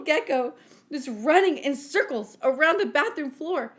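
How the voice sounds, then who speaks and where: A woman co-hosting a podcast, telling self-mocking stories in an animated casual chat. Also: sits high, measured pace. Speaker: podcast co-host.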